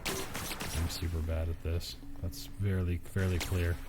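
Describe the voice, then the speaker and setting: Low-voiced man casually streaming a game. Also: level tone, a little slow, very noisy. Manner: laid-back, swears freely. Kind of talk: casual gaming commentary.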